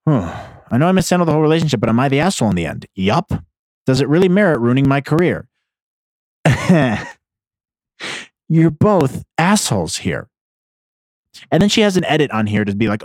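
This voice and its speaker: Man, podcast host, sarcastic, blunt, very animated pitch, dry close mic. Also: fairly quick, long pauses, dry recording. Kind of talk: casual comedic commentary. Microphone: headphones on, close mic.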